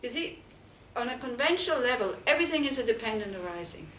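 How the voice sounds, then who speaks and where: A woman, a Buddhist nun, teaches a small group in a teaching centre room, keeping her dharma talk conversational with a stream of questions and frequent "you know"s. Her voice is a little high, expressive, fast and fairly bright; slight background noise and room echo are audible, and she is far from the mic.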